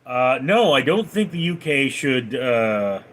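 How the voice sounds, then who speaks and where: A man's voice: mid-range voice, big pitch swings, slow, fairly bright tone. A man hosting a casual livestream, reading viewer messages aloud and giving wry, blunt replies from home. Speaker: livestream host reading chat.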